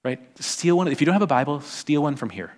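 A man's voice: a little high, big pitch swings, quick pace, a little mellow. A man preaching a conversational sermon at a church service, chatty and informal, often tagging his points with "right?" and "like". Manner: chatty, peppers talk with "right?" and "like". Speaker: pastor.

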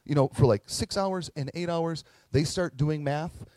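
A man preaching a sermon, telling a story in an animated, conversational way with frequent asides. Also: a little high, measured pace, no room sound, rough recording. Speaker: pastor.

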